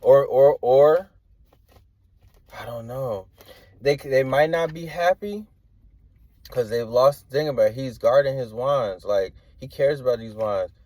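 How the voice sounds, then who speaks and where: A man's voice: mid-range voice, unhurried, pauses often, a little mellow, no room sound. A man giving a casual tarot reading, rambling and hedging with slangy filler talk. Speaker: tarot reader.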